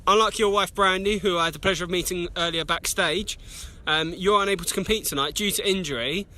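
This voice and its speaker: A man's voice: sits high, fairly quick, bright, forceful tone, slight background noise. Polite British-accented male interviewer. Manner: polite, formal and hesitant. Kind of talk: formal interview questions.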